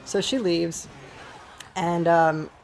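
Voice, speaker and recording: A man's voice: fairly high pitch, fairly even intonation, very slow, creaky, a little hiss or hum. A man in his twenties telling a rambling, swear-filled story while playing a game, with frequent asides to viewers. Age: 20s. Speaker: gaming storyteller. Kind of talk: casual storytime over gameplay.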